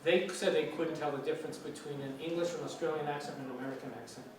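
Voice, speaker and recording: A man's voice: a little high, racing. Chatty lecturer man, echoey distant room. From New York City. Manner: relaxed, chatty, many fillers and restarts. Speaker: guest lecturer on English. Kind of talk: informal classroom talk. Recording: echoey room, from afar, faint hiss.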